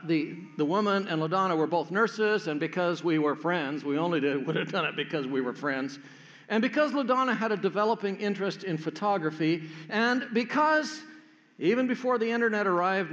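A man's voice: on the high side, a bit bright. An older man preaching a sermon as pastor, telling a family story in a church. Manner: storytelling, acts out family voices. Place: church sanctuary. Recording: echoey hall, dull sound.

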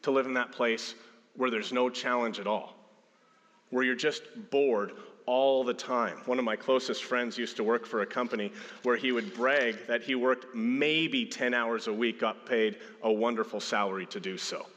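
A man's voice: medium pitch, fairly even intonation, moderate pace, a bit bright. A man in his thirties preaching a sermon as a pastor, telling stories and acting out quotes with a raised voice. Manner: storytelling, acts out quotes with a raised voice. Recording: long hall reverb.

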